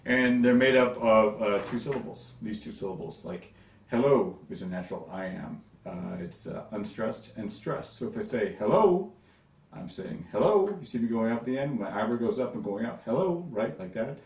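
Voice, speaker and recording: A man teaching a recorded lesson to his class, lively and demonstrative, sounding out stresses. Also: lowish voice, moderate pace, echoey room, far from the mic. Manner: lively, demonstrative, sing-song stress demos.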